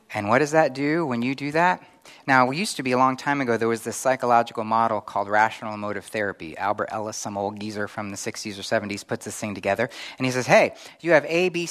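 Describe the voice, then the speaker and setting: A middle-aged male pastor preaching a conversational sermon with animated acted-out asides. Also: mid-range voice.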